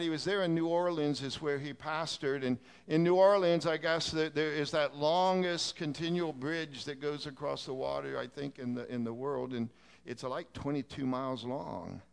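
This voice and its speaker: Male preacher, sermon storytelling, clean resonant tone, rises from hushed to shouting. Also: fairly high pitch, clear, resonant tone. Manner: builds from quiet telling to shouted pleading.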